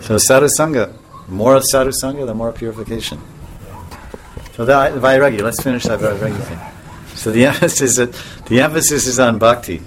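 A man's voice: mid-range voice, a little fast, a little hiss or hum. Chuckling man giving a rambling spiritual talk. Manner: chuckling often, rambling with restarts; acts out voices in anecdotes. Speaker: spiritual teacher. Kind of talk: casual devotional talk.

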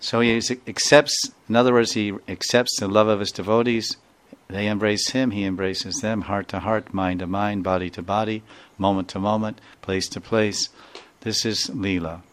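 A man's voice: lowish voice, steady tone, normal speed. A man speaking as a spiritual teacher, giving a devotional talk full of storytelling and repeated phrases. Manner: warm storytelling with repeated phrases and quoted dialogue.

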